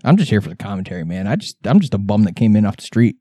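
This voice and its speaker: A man's voice: fairly low pitch, very animated, very fast, mellow, no echo, clean studio sound. A man on a casual podcast panel, making sarcastic jokes. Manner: sarcastic, joking. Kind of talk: casual chat.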